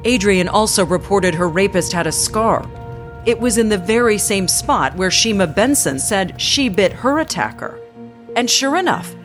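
Grave female documentary narrator over music. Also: medium pitch. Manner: measured, grave storytelling. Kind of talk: scripted narration. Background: music under narration.

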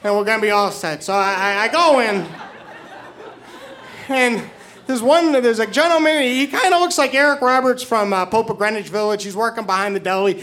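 High-voiced man telling a stammering story. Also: normal speed, a bit bright. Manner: stammering, repeats words nervously. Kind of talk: comic personal storytelling.

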